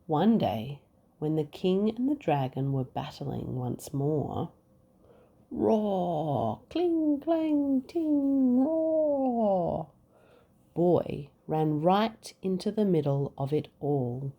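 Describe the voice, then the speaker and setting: Low, lively bedtime story reader. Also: female voice, slow pace, muffled recording. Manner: expressive, acts out sound effects. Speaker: mother reading to her children.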